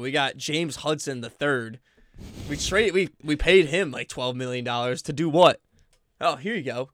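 A man's voice: on the high side, a bit bright, no echo, clean studio sound. A young man co-hosting a casual sports podcast, ranting in an exasperated, fired-up way. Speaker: podcast co-host.

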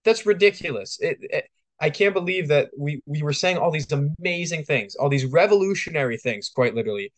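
A man's voice: medium pitch, dry recording. A man co-hosting a podcast, talking emphatically and exasperatedly, restarting words often. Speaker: podcast co-host. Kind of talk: casual podcast discussion.

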